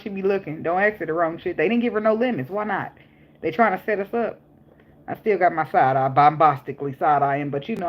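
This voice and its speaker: Blunt, profane young woman tarot reader. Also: medium pitch. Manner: blunt, profane and chatty, laughing often. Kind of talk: casual live tarot reading.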